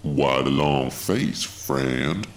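A man voicing a tall, sly male gambler with a Southern American twang, soft-spoken and menacing, in a storybook reading. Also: a little hiss or hum, heavily acted. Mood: sly menace. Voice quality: gravelly, slow, low drawl.

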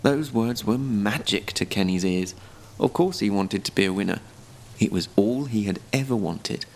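Guy reading a story out loud, kinda gravelly, slightly low voice, steady expressive pacing. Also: moderate pace. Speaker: narrator. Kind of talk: scripted story narration.

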